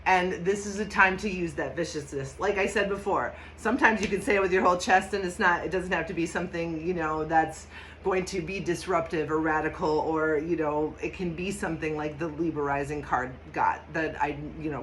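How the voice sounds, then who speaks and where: A woman's voice: sits low, fairly quick, a bit bright, slight background noise. A woman giving a casual, enthusiastic tarot and astrology reading, talking emphatically, swearing freely and laughing often. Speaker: tarot reader.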